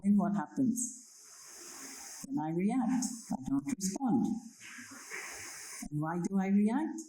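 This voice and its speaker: A woman from Kenya giving a spiritual talk on meditation, slow and reflective, often checking in with her listeners. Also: medium pitch, expressive, warm tone. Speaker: meditation speaker. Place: library hall. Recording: echoey hall.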